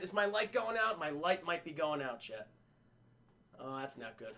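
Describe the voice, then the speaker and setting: A man streaming a casual spoiler film review, rambling and swearing as he keeps talking to his chat, tipsy and animated, from a home streaming setup. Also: fairly high pitch, moderate pace, gravelly. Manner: half-drunk, animated storytelling.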